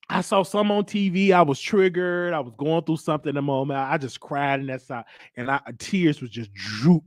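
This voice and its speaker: A man hosting a show, telling a comic story in a lively, joking monologue. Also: a little fast, dry recording, studio quality. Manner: animated storytelling, jumping into high voices for others. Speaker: host. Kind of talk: comedic monologue.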